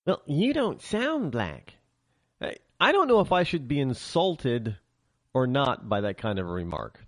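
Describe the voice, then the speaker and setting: A middle-aged man hosting a talk show, delivering an animated, sarcastic monologue with lots of restarts. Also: medium pitch, no room sound, studio quality. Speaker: radio talk show host. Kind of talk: opinionated monologue.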